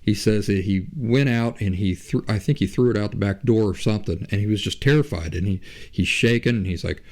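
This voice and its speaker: A man's voice: on the low side, a little fast, hardly any pauses, a little mellow. A man hosting a podcast, telling a story in a loose, chatty, conversational way. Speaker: podcast host. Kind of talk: casual spoken storytelling.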